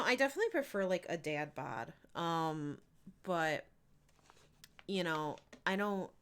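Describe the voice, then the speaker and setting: A woman's voice: on the low side, a bit bright. A woman streaming a video game, chatting casually and giggling as she rambles. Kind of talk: casual live-stream chat while gaming.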